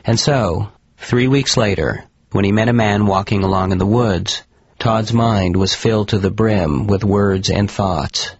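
A man narrating a scripted story on the radio in a calm, measured way. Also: lowish voice, husky, no echo. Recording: muffled radio broadcast with music.

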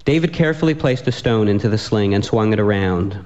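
Deadpan man reading a comic story. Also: fairly low pitch, fairly quick, dull audio.

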